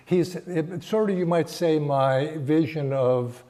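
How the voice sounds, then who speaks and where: Slow, reflective older man giving a sermon. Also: fairly high pitch. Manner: slow, reflective, halting phrasing with frequent restarts and soft laughs. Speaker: spiritual teacher giving a Sunday talk. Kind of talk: sermon with personal storytelling.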